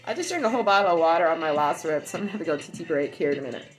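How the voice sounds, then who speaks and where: A woman chatting casually on a livestream from her home while high on cannabis, telling stories loudly and with lots of animation. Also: rapid-fire, soft background music. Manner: loud and animated storytelling. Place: at home indoors.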